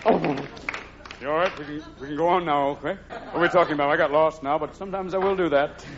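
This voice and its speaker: Manic high-voiced man doing stand-up. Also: fairly even intonation, fast talker, very noisy. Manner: manic, jumping between many silly character voices. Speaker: stand-up comedian. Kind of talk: live stand-up comedy. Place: theater stage before a live audience. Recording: lo-fi live recording with loud laughing crowd.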